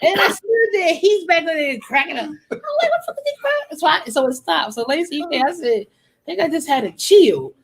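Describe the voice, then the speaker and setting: A woman on a casual talk show telling an animated, profane story full of acted-out quotes. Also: high-pitched, a little fast. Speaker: guest storyteller. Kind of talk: casual chat.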